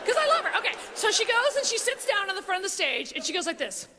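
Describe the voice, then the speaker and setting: A man putting on a brash female comic with a very high, bright voice that leaps all over the place. She gushes and squeals through a gossipy story, and the voice rings in an echoey hall. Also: big pitch swings, some chatter behind, exaggerated voice. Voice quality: giddy, rapid, squealing. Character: brash gossipy female comedian telling backstage stories. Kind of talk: stand-up parody monologue.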